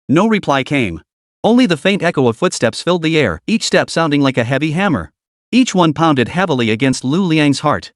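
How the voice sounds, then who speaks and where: A man's voice: fairly high pitch, big pitch swings, fairly quick, dry recording, studio quality. A man reading scripted story recap narration in a dramatic storytelling manner.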